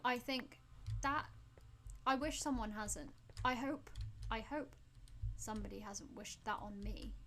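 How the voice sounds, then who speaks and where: A woman's voice: a little high, measured pace, long pauses, noisy background. A woman live-streaming a game, chatting playfully with her viewers and teasing them in mock outrage. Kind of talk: live-streamed gameplay chat, talking to viewers. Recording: background music playing under the voice.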